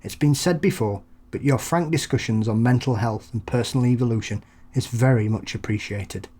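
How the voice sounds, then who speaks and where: Here a podcast co-host from England speaks at normal speed in a medium-pitched, dark voice. He's chatty, telling anecdotes, laughing frequently and acting out the voices in his stories.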